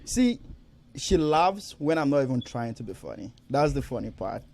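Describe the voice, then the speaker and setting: A young man co-hosting a podcast, telling a story in animated, casual chat, swearing and laughing as he goes. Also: mid-range voice, normal speed, creaky. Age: young adult. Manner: animated storyteller, swears freely, laughs often, repeats himself. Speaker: podcast co-host.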